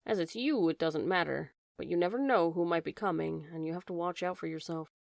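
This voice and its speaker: A woman voicing a grumpy, busy male grasshopper in a low rasping voice, curt and grumbling, in a dry-sounding storybook reading. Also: brisk, no echo. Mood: gruff. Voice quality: rasping, lowered voice.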